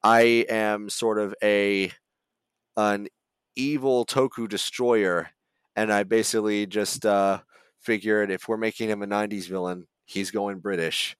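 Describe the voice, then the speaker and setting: Smooth-voiced, easygoing male voice actor. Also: lowish voice, a little slow, no echo. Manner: relaxed, rambling, full of fillers and restarts. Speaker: guest voice actor. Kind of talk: casual podcast chat.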